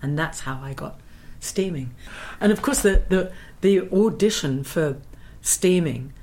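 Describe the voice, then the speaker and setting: A woman's voice: lowish voice, measured pace. A woman from London, an actress telling stories in a casual interview and acting out the lines she quotes. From London, England. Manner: animated anecdotal storyteller, acts out quoted lines.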